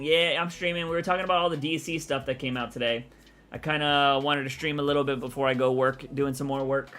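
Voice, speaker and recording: A man's voice: on the high side, a bit bright. A man from Texas, rambling casually as he answers chat on his live stream. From Texas, USA.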